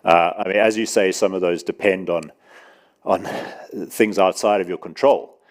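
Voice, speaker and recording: Man, very low voice, measured panel speaker taking audience questions. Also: fairly even intonation. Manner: measured, explanatory, with some restarts. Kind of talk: conference Q&A.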